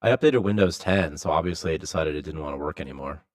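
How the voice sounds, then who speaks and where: A man's voice: rumbling low, animated, fast talker. A man, a game developer, chatting casually on a livestream and muttering to himself while he fixes his setup. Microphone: desktop mic with webcam.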